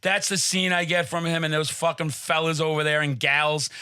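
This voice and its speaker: A man hosting a podcast, telling profane comedic stories in a brash, boastful way, often yelling. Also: a little high, fairly even intonation, moderate pace, smooth. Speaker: podcast host.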